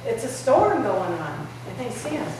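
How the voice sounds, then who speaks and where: A woman pastor delivering a sermon, retelling a story with lively questions to her listeners. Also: fairly high pitch, moderate pace, a little hiss or hum. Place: large church sanctuary. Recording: roomy echo, voice from far off.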